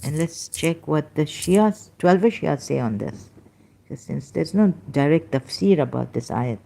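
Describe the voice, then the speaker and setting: A woman hosting her own channel, reading passages aloud in halting, self-correcting casual commentary. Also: sits low, lively intonation, vocal fry, warm tone. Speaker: solo channel host.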